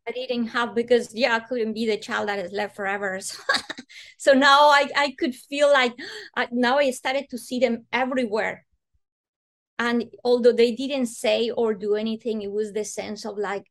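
Earnest woman guest, animated storytelling, slightly high voice. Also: moderate pace. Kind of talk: personal storytelling in conversation.

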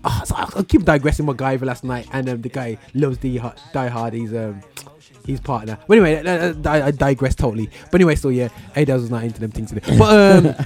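A man's voice: medium pitch, fast, darkish tone. A man hosting a radio show, chatting casually in a rambling, slangy way and digressing often. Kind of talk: casual chat. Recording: music playing underneath.

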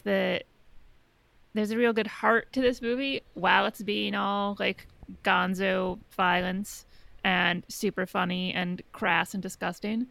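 Woman podcast co-host, hesitant and thoughtful, mid pitch with heavy fry, dry close mic. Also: fairly bright tone, no room sound. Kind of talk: casual chat.

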